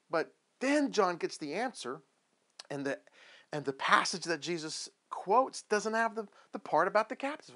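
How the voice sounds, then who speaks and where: Animated male preacher, lively pitch. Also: moderate pace. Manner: animated storytelling, acting out biblical voices with questions. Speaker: pastor. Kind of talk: sermon.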